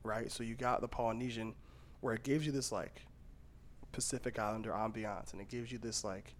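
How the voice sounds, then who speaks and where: With slight background noise behind him, a young podcast co-host chats loosely and fairly quickly. His medium-pitched voice keeps a fairly even intonation as he rambles, laughs often, and uses many fillers.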